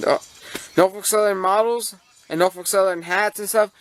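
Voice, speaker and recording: A man's voice: high voice, steady tone, normal speed, slight background noise. A young American man ranting casually about railroads, rambling and indignant, with many fillers and restarts, filmed on a handheld camera in his model railroad room at home. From United States. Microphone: handheld camera mic.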